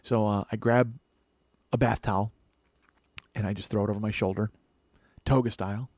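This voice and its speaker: A man in his forties hosting his own show, telling a profane, animated story that swings from low mutters to loud mock pride. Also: moderate pace, no echo. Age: 40s. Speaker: comedian podcast host. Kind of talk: storytelling monologue.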